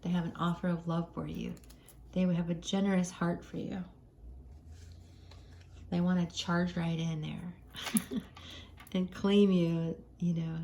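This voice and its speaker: An American woman doing a casual tarot card reading for her viewers, chatty and gentle, often laughing. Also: on the low side, level tone, measured pace, pauses often.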